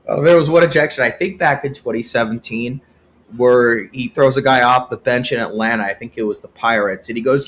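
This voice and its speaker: Guy doing his own podcast, opinionated solo talk, gets worked up then goes quiet and serious. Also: mid-range voice, normal speed. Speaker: podcast host.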